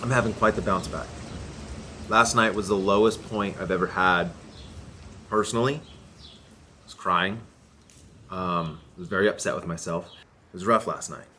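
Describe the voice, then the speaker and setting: A man cyclist talking candidly in a vlog, emotional and halting, with frequent restarts. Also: sits low, sharp tone, slight background noise.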